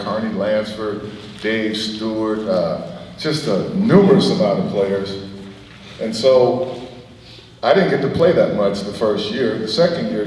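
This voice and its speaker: A middle-aged man giving a guest speech at an event, telling anecdotes in a lively way and chuckling often. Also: lowish voice, slight background noise. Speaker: guest speaker. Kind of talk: storytelling speech. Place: event hall. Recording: echoey hall, voice from far off.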